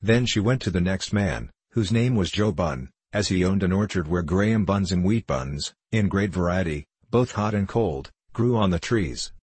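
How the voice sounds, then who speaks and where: Man, audiobook narrator, very low voice, husky, dry close recording, steady storytelling. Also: normal speed, few pauses, no room sound.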